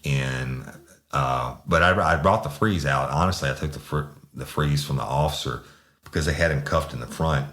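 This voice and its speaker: Extremely deep-voiced man, blunt and profane. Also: moderate pace, a bit bright. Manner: blunt and profane, rambling with many restarts. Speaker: former police sergeant telling a story. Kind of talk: casual storytelling.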